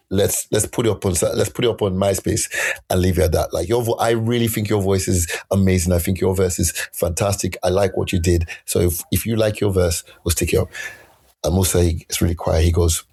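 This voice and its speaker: A man, a musician and poet, telling stories in a casual interview, animated and acting out quotes in other voices. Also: low-pitched, a little fast, creaky, husky. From United Kingdom. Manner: animated, laughing, acts out quotes in shifting voices.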